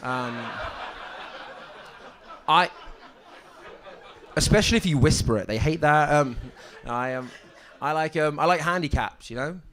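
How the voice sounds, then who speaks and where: A young man doing a stand-up set on a club stage, with a halting deadpan delivery full of ums and restarts. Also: fairly high pitch, slight background noise. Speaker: stand-up comedian. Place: comedy club stage with audience. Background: audience laughter.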